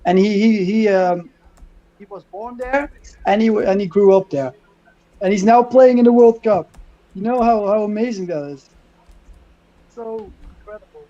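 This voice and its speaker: A man from the Netherlands, chatting excitedly about football on a live stream, peppering his talk with "like". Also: high voice, moderate pace, pauses often, highs cut off. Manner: excitable, uses "like" a lot. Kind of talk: casual live-stream chat.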